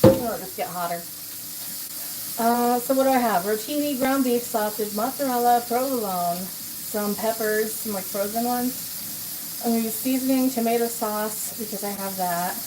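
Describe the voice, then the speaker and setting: Woman, fairly high voice, livestream host, casual cooking chat, thinks out loud, talks to viewers. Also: normal speed, noisy background. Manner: chatty, talks to herself and answers chat while cooking. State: out of breath at times.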